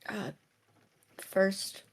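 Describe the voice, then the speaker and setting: A woman playing a tabletop game, speaking in character in a hesitant, halting way with many restarts. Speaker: player. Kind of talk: in-character tabletop role-play.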